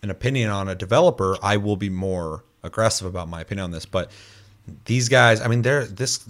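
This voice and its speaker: A man's voice: on the low side, fairly bright tone. Casual, profane man rambling about games. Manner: loose, profane, rambling with many fillers; mimics people in quick asides. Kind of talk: casual chat.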